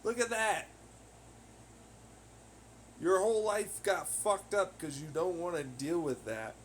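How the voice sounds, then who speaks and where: Young male host, somewhat high voice, loose casual rambling peppered with constant swearing, ranting tone. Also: slow pace, slight background noise. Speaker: podcast host. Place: home on laundry day.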